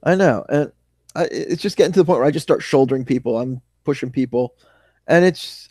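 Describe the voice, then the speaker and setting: A man with a New York accent co-hosting a podcast, telling animated stories with some swearing. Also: medium pitch, brisk, dry recording, studio quality. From New York suburbs. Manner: animated storyteller, ranting and swearing. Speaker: podcast co-host. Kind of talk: casual chat.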